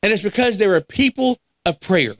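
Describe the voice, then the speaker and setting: Animated preacher with a higher voice. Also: male voice, a little fast, no room sound. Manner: animated, acts out quoted voices, laughs at himself. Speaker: pastor. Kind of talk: storytelling sermon. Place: church sanctuary.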